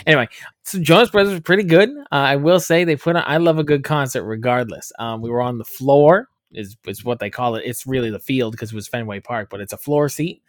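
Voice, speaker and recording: A man's voice: mid-range voice, brisk, no echo. Joking podcast man, dry close mic. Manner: joking, self-deprecating. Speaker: podcast co-host. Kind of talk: casual chat.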